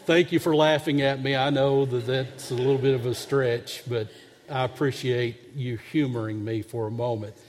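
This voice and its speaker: A man's voice: mid-range voice, steady tone, normal speed, a little mellow. A male pastor preaching a sermon, telling a humorous story with an earnest, conversational manner. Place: church sanctuary. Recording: long hall reverb.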